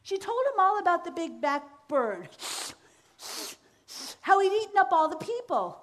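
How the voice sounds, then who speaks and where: A woman's voice: extremely high pitch, sing-song, a little slow, fairly bright tone. A woman telling a folktale to families, full of sound effects and playful asides. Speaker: storyteller. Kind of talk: lively oral storytelling for families.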